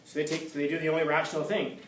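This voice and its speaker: A man retells an old tale to a class, slipping into the characters' voices and joking along the way. His voice is a little high and sits at a distance from the mic. The classroom is roomy and echoes around him. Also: monotone, rapid-fire, fairly bright tone, slight background noise. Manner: storytelling, acting out characters, joking with students. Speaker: teacher. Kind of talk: casual classroom lecture. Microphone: distant room mic. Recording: echoey classroom recorded from far off.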